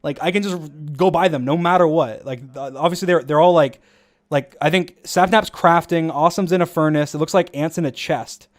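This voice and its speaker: A man casually commentating over his own gameplay footage, rambling fast with lots of fillers and frequent laughs. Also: on the high side.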